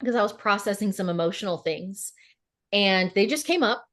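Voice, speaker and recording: A woman co-hosting a podcast over a video call, telling stories in a casual, animated way and acting out her own inner dialogue. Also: mid-range voice, normal speed. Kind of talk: casual conversational podcast chat.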